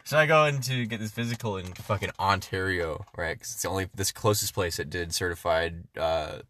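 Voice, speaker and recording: A man's voice: low-pitched, brisk, sharp tone. A young man in crude casual chat as a podcast co-host, laughing often and acting out the people he quotes.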